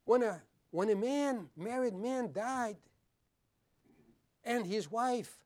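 A man preaching a sermon, earnest and repeating his words, at times dropping low and soft for solemn points. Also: lively intonation, takes it slowly. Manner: earnest, repeats words, clears throat often.

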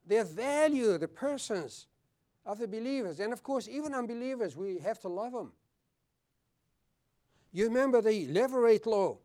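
A man preaching a sermon, earnest and repeating his words, at times dropping low and soft for solemn points. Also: expressive, moderate pace, long pauses. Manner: earnest, repeats words, clears throat often.

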